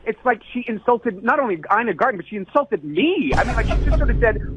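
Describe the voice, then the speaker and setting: A man's voice: very high voice, big pitch swings, a little fast, few pauses, slight background noise. A man on a prank phone call, ranting indignantly and with growing animation about a date.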